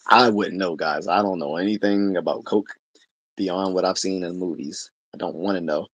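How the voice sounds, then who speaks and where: Livestream host, male, low husky voice, relaxed talky delivery with lots of restarts. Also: normal speed, no room sound. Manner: conversational, laughs often, many restarts. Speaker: livestream host answering chat. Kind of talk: casual livestream chat.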